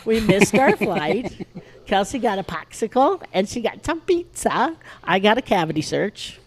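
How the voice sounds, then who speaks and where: A woman in her sixties telling animated stories on a podcast, casually swearing and acting out a child's shrieks. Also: medium pitch, unhurried. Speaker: guest storyteller.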